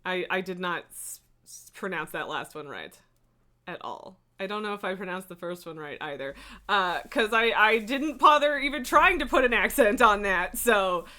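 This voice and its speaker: Expressive and bright, with a forceful tone at a normal speed and medium pitch, a woman streamer chats with her viewers. She rambles through tangents, laughing frequently, swearing and using lots of fillers.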